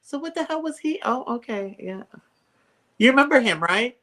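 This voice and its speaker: A woman's voice: a little high, lively intonation, moderate pace, pushed and bright. A woman in casual chat, reacting emphatically with blunt, slangy remarks and questions.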